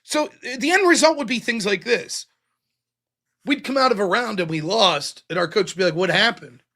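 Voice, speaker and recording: A man's voice: high-pitched, lively intonation, moderate pace, a bit bright. A man hosting a livestream commentary show, talking bluntly and swearing freely. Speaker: host.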